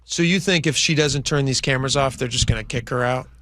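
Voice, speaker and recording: A man co-hosting a talk radio show, arguing his points emphatically, his pitch jumping on stressed words. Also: fast talker, bright, forceful tone, no echo, studio quality. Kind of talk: opinionated talk radio chat.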